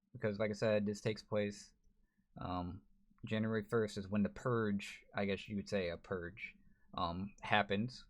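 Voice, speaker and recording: Lower-voiced guy ranting on his vlog, upset, keeps restarting sentences. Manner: frustrated, rambling, many restarts. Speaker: gaming YouTuber. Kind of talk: emotional to-camera vlog.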